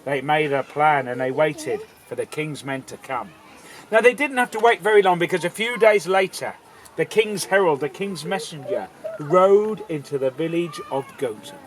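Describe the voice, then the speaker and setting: A man's voice: a little high, lively intonation, moderate pace, slight background noise, poor audio. A man telling a folk tale live to an audience, playful, theatrical and full of asides. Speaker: storyteller. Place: outdoor festival audience.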